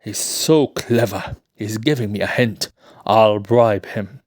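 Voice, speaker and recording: A man's voice: a little high, moderate pace, clean tone, no echo, clean studio sound, close to an everyday voice. A man voicing an anxious, scheming older male town governor, as he reads a play aloud. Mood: muttering. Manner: muttered asides, fawning when aloud.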